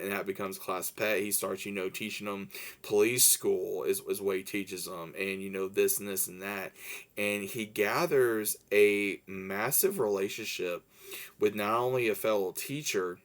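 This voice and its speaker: A man's voice: on the low side, steady tone, moderate pace, a bit bright. A man giving a casual, enthusiastic movie review, rambling with many fillers and restarts. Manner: enthusiastic, laughs while recalling scenes.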